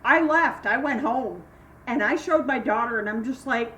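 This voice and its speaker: Chatty older woman in an echoey room. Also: moderate pace. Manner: chatty, rambling, acts out quoted voices with sharp jumps in pitch. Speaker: vlogger. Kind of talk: casual chat and storytelling. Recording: echoey room, mic at a distance, faint hiss.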